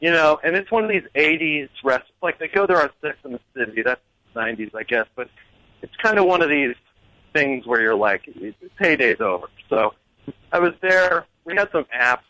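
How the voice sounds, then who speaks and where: Brief: animated male caller, fairly high voice, chatty and self-deprecating. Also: normal speed, no echo, low-quality recording. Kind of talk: casual anecdote telling.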